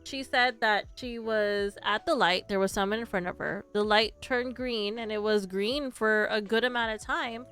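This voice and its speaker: Young woman streamer, chatty storyteller with a smooth, clean voice and faint music underneath. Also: a little high, moderate pace, few pauses, a bit bright. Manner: chatty storyteller, giggles often. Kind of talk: casual chat with live chat. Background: faint background music.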